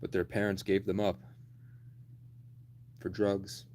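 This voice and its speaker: A man's voice: deep voice, completely flat delivery, slow, darkish tone, a little hiss or hum. A man in his twenties telling a long personal story in a rambling, blunt, profane way on a livestream. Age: 20s.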